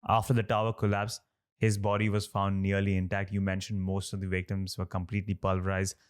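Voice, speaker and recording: A man hosting a podcast interview, recounting stories and asking questions in a measured way. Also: low voice, completely flat delivery, clear, resonant tone. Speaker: podcast host.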